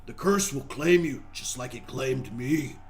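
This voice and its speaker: A man voicing a menacing cursed spirit trapped in an ancient tomb, with a slow, deep, strained, throaty delivery. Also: expressive, lightly acted.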